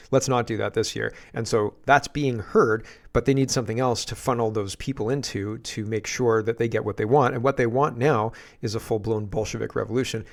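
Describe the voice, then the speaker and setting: A man's voice: fairly low pitch, gravelly. A man hosting political commentary, reacting to clips with sarcastic asides and frequent restarts.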